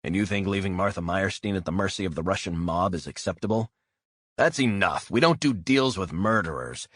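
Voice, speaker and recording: A man's voice: deep voice, expressive, brisk, a bit bright, no echo, studio quality, voice pushed up. A man voicing a stern male bureau director who speaks curtly and with rigid authority. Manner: authoritative, curt, by-the-book.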